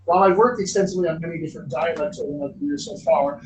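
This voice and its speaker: A man's voice: on the high side, animated, rapid-fire. A man hosting a live online Q&A as a dialect coach, answering viewer questions in an upbeat, joking, encouraging way. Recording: echoey room with background noise.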